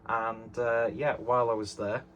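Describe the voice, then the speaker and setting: A man's voice: medium pitch, level tone, normal speed, fairly bright tone, slight background noise. A man chatting casually through a beer review at home, rambling with lots of fillers and self-deprecating asides. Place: bedroom at home. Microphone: camera on tripod.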